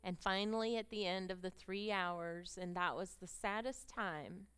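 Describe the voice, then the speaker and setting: On stage with slides, a middle-aged woman shares a heartfelt personal testimony with a women's gathering. Her medium-pitched voice is bright, crisp and unhurried, and she brings the story alive with emotional delivery and acted-out dialogue.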